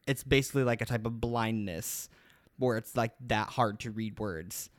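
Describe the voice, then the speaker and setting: A man's voice: on the low side, normal speed, no room sound. A young adult man co-hosting a podcast, telling a mystery story in casual, rambling, upbeat chat.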